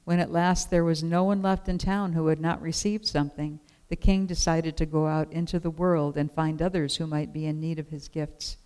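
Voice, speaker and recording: Clear-voiced storybook narrator. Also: mid-range voice, level tone, normal speed, hardly any pauses, a little mellow, low-quality recording. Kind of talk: storybook read-aloud.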